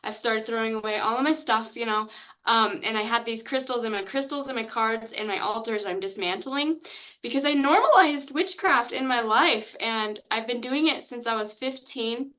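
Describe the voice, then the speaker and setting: A woman's voice: fairly high pitch, moderate pace, pushed and bright, poor audio. A woman interviewer in casual chat, eagerly affirming her guest before sharing her own story.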